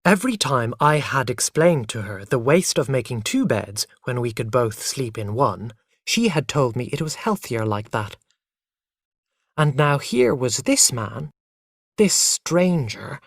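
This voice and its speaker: Male narrator, graded reader story, slow clear reading, lively intonation, dry close sound. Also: medium pitch, no echo.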